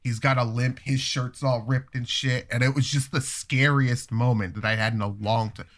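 Young guy rambling through a story, swears a lot, normal pitch. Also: moderate pace. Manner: profane, rambling, animated storytelling. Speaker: storyteller guest. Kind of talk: casual chat.

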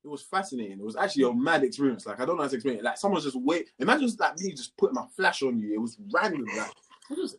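Young man, lively high voice, quick storyteller, sits back from the mic. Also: far from the mic, noisy background. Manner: animated, laughing, acts out both sides of a story. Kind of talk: casual storytelling.

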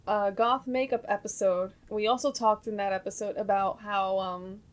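A woman's voice: medium pitch, steady tone, normal speed. A young woman co-hosting a podcast, talking in a loose, giggly way with a light New Jersey accent. She chats with her friend and slips into voices now and then. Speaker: podcast co-host. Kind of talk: casual chat.

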